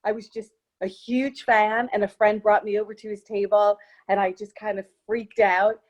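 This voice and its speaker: A woman's voice: mid-range voice, level tone, moderate pace, highs cut off. A woman being interviewed as an actress guest, chatting casually in a bubbly, gushing way.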